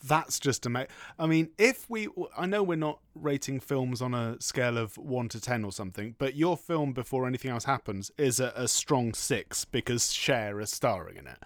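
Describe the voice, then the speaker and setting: A man's voice: mid-range voice, moderate pace, few pauses, no echo, studio quality. Joking man on a podcast. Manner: jokey, questioning, sarcastic asides. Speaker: podcast co-host. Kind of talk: casual chat.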